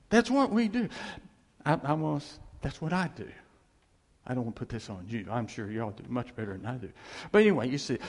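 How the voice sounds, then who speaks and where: A man preaching a conversational sermon as pastor, acting out voices as he tells it. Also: high-pitched. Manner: animated, conversational, acts out quoted voices. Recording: long reverb of a hall.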